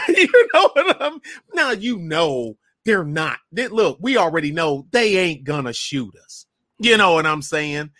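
A man with a high, very lively voice talks emphatically in slang. The sound is dry and close. He sounds like he is chatting among friends. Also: unhurried, no room sound. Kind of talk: casual chat.

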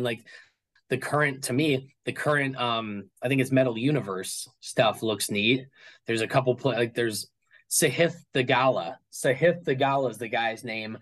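A man's voice: medium pitch, fairly bright tone, rough recording. A man speaking as an interview guest about his collection, talking casually and rambling with many fillers and restarts.

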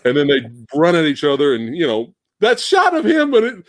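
A young man chatting on a home livestream about a movie, his voice lively and leaping around as he excitedly acts out scenes and laughs. He sits a bit high in pitch and sounds dry and close, with no room around him. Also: fairly quick, dry recording. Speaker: host of a movie review stream. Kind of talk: casual livestream chat. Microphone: home streaming setup with camera.

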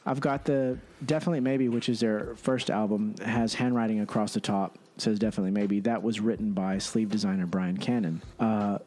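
A man in his thirties from Texas telling animated stories in casual chat, swearing freely. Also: on the low side, a little fast, few pauses. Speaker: podcast guest.

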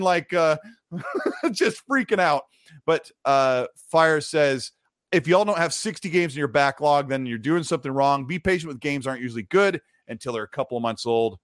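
A man's voice: on the high side, dry recording, studio quality. A man hosting a casual gaming livestream, reading viewer messages aloud and laughing between stories. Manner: laughing, animated storytelling.

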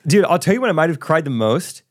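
A young man co-hosting a podcast, telling wedding stories in casual chat and acting out quotes with excitement. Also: a little high, fast. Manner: storytelling, excitable, acts out quotes. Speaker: podcast co-host.

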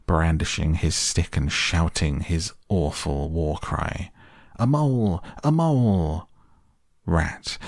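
A man reads a classic children's book softly for sleep, slow and even. His voice is deep with a gravelly fry. The recording is close and dry. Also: dry recording. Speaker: storyteller. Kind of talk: soft bedtime audiobook reading.

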